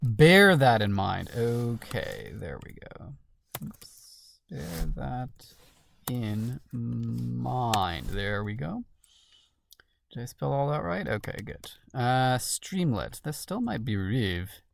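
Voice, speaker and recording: Woman with a very deep, slow voice, quietly mulling crossword clues to herself. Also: sing-song, creaky. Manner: muttering to herself, musing and questioning. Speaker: crossword solver. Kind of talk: thinking aloud while solving a puzzle.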